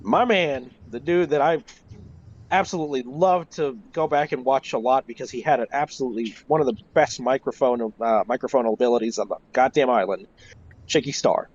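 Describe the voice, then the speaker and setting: A man, a wrestling historian, telling stories in a casual interview, animated and swearing freely. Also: medium pitch, a little fast. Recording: lo-fi voice chat.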